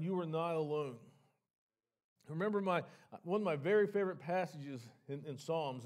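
A male pastor delivering a sermon in a fairly high voice for a man. His preaching is earnest and conversational, full of repeated words and restarted sentences. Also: darkish tone. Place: church sanctuary.

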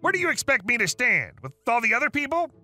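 A rude, entitled middle-aged woman on a bus, read in a high, bright male text-to-speech voice. The delivery stays flat and close to the narration, with soft music underneath. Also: quick pace, heavily acted.

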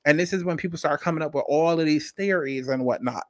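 A man's voice: a little high, fast talker, no room sound. Blunt male commentary host, dry sound. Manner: blunt, talks straight to viewers. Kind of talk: casual commentary.

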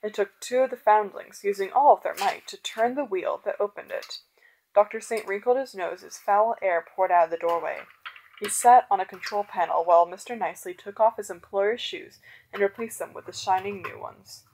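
A woman reading a novel chapter aloud, telling the story in a steady voice. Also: medium pitch, moderate pace, a little hiss or hum, low-quality recording. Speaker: reader. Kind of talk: audiobook narration.

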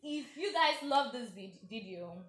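High, giggly young woman, echoey room. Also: a little slow. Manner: loud guessing, giggly, repeating phrases. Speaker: guest friend. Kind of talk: casual party game.

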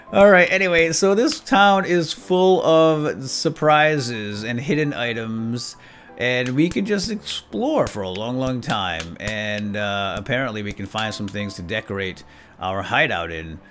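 A man hosting a let's play, giving silly role-play commentary in an excitable, giggly way. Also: medium pitch, unhurried, soft background music.

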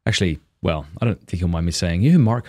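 Australian man, low voice, relaxed podcast host, laughs easily. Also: quick pace, no room sound, clean studio sound. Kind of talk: casual conversation.

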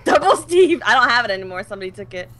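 Woman gamer, bright voice, lively pitch, giggly banter, faint noise behind. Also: very fast. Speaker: let's play gamer. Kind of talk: casual gaming chat.

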